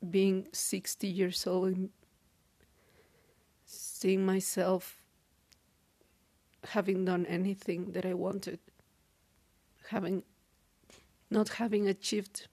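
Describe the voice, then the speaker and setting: A woman talking through a halting, weary personal diary monologue, with many restarts. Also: mid-range voice, gravelly, warm tone, no echo. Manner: weary, downcast. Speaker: podcaster.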